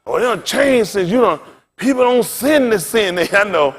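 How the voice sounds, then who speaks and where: A male pastor with a slightly higher voice preaches in a loose, conversational way. His pitch and volume climb and drop sharply. He keeps turning to the congregation with direct asides. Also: animated, normal speed. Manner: casual preaching with big swings in pitch and loudness. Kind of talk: sermon.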